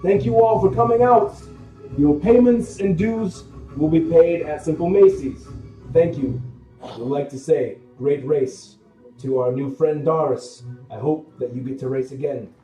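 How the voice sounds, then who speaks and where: A man voicing a male sergeant announcing the winner of a race to a crowd in a booming, proclaiming voice. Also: measured pace, dark tone, echoey room, recorded from a distance, muffled recording, faint music behind, natural voice.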